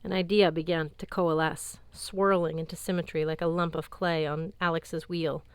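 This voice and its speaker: A woman narrating an audiobook in a measured, even tone, recorded close on a studio mic. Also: low-pitched, smooth, no echo. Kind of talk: scripted narration.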